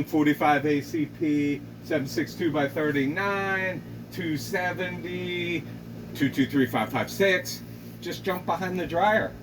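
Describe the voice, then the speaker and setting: A man narrating a comic story with mock-dramatic flair, rambling and animated. His voice sits a little high. He is picked up from a distance over loud background ambience. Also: noisy background. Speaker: comedian.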